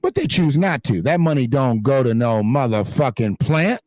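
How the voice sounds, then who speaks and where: A man's voice: mid-range voice, animated, normal speed, darkish tone. A man hosting his own online show, talking in blunt, profane, emphatic casual commentary.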